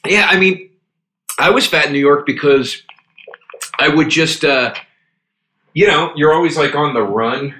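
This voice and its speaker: A man's voice: a little high, unhurried, long pauses, pushed and bright, a little hiss or hum. Chatty man in a roomy echo. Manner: rambling storyteller, swears freely. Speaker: podcast host. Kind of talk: casual chat.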